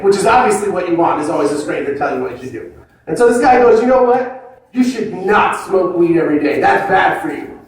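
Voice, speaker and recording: A young man doing a stand-up comedy set at an open mic, telling self-deprecating stories with a wry edge. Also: fairly high pitch. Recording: very echoey room, from far off, faint noise.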